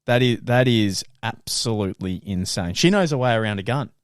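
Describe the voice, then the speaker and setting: A man's voice: fairly low pitch, expressive, brisk, clean tone, dry recording, clean studio sound. A man co-hosting a podcast, interjecting with jokes and playing up mock outrage in an improvised skit. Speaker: podcast co-host. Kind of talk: improvised comedy news skit.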